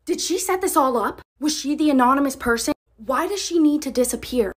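A woman pitching a movie idea as a suspenseful TikTok story, with a breathy voice. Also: lively intonation, fairly quick, few pauses. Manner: dramatic, suspenseful narration.

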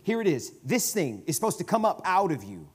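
Man preaching with sudden loud bursts. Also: high voice, sing-song, a little fast, slightly rough. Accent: Southern US. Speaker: guest preacher. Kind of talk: sermon. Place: church sanctuary.

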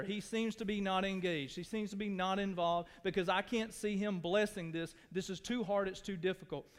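High-voiced man preaching in reverberant church. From Texas. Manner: earnest, shifts between hushed tones and raised pleading. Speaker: pastor. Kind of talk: sermon. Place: church sanctuary. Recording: long hall reverb.

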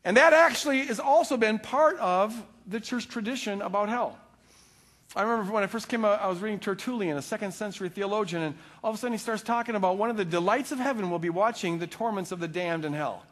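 A middle-aged man preaching a sermon as pastor, telling stories with animated emphasis and frequent stammered restarts. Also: high-pitched, fast talker.

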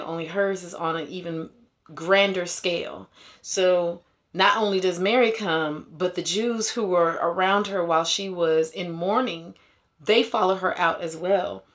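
A woman's voice: lowish voice, fairly bright tone. A woman giving a casual Bible retelling, paraphrasing in slangy everyday speech with conversational asides and frequent laughter. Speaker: Bible teacher.

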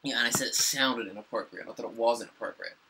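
Sarcastic young man with a very bright voice. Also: medium pitch, fast talker, creaky. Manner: sarcastic, exasperated banter. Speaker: gameplay commentator. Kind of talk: casual let's play commentary. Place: home room.

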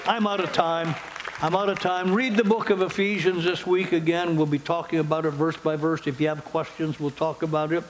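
A man's voice: on the high side, steady tone, fairly quick, a faint crowd, poor audio. An older man, pastor emeritus, giving an earnest, conversational sermon and closing prayer, repeating phrases for emphasis. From United States. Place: church sanctuary.

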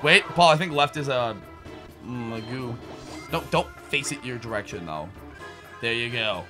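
A man hosting a casual gaming session with friends, excitable and quick to laugh and shout. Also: mid-range voice. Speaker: host. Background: game music.

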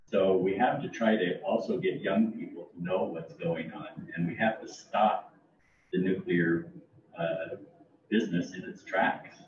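A man's voice: low voice, fairly even intonation, unhurried, a crowd in the background. An older man from Oregon speaking emphatically as an audience member at a library talk. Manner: emphatic, concerned. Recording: roomy, distant, muffled with faint noise.

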